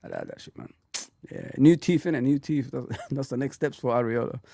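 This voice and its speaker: A man's voice: mid-range voice, huge pitch swings, fairly quick, vocal fry, mellow, dry recording, studio quality. Angry sweary male football streamer. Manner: angry, sweary, repetitive ranting. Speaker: fan channel streamer. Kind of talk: ranting live stream.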